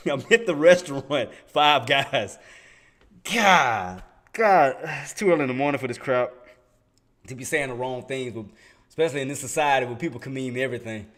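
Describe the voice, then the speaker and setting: Male streamer, trading-show host; casual slangy chat with viewers, laughs a lot, mid-pitched voice. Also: expressive, normal speed, fairly bright tone. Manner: laughing often, talking straight to chat in slang. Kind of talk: casual live-stream commentary.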